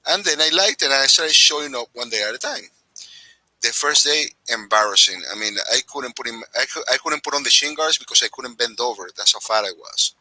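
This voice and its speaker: A man's voice: medium pitch, animated, fairly quick, pushed and bright, no echo, low-quality recording. A middle-aged man, a podcast guest, telling his fight story in a casual interview, with many restarts and acted-out quotes.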